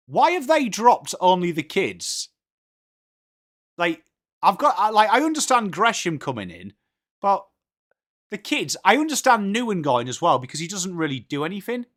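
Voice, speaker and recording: A man's voice: high voice, fairly bright tone. An English man hosting a casual live watchalong from home, chatting and greeting viewers by name. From England. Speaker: livestream host.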